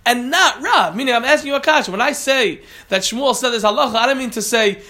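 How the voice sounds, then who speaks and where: A man's voice: very high voice, lively intonation, fairly quick, hardly any pauses, bright, forceful tone. A man teaching a Talmud class, reading Aramaic phrases and then explaining them plainly, often catching and correcting himself.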